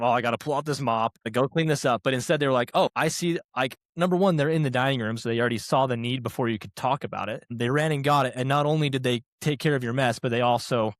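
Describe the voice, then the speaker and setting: A young adult man, a former restaurant training director, tells workplace stories in a casual, animated way, acting out quoted dialogue and leaning on fillers like "like" and "right?". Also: mid-range voice, no room sound, clean studio sound. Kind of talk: casual conversational storytelling.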